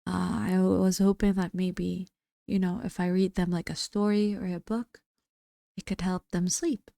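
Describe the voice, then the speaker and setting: A woman's voice: on the low side, little pitch movement, normal speed, gravelly, dark tone, no room sound, clean studio sound. A woman streamer chatting casually with viewers, reading their messages aloud and answering them, her voice a little worn. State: slightly losing her voice. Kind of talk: casual livestream chat reading.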